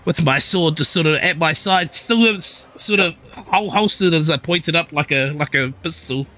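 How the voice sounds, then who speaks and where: A man's voice: fairly high pitch, normal speed. A man playing a tabletop game, describing his character's actions eagerly and laughing often. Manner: laughing, animated, describes his moves with relish. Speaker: player. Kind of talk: casual tabletop play.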